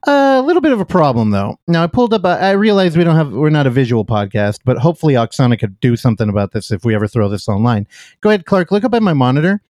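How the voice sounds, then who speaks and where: A man's voice: on the high side, very animated, fast, a little mellow, dry recording, clean studio sound. A man hosting a casual film podcast, chatting loosely, laughing often and interrupting himself. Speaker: podcast host. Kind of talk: casual podcast chat about films.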